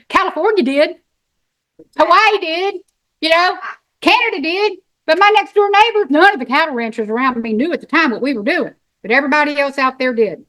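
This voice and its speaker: A middle-aged woman, telling her own story in a folksy, animated way. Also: high voice. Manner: animated, folksy, acts out quoted voices. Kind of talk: storytelling talk.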